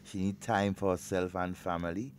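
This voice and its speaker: A man with a Grenadian accent co-hosting a casual morning radio show, agreeable and quick to laugh along. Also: sits low, steady tone, a little hiss or hum. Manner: agreeable, laughs often, backs up the other host. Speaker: radio talk show co-host.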